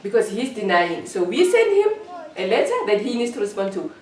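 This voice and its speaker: A woman's voice: mid-range voice, very animated, brisk, a little mellow, echoey room, recorded from a distance. A woman giving an emotional personal account in an interview, hurt and indignant, often repeating herself.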